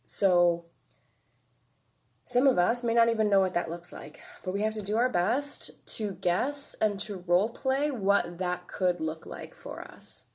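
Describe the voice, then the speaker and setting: A woman giving a casual self-help lesson, relaxed and encouraging, often checking in with "right?" and fillers. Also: medium pitch, measured pace. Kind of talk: casual instructional talk.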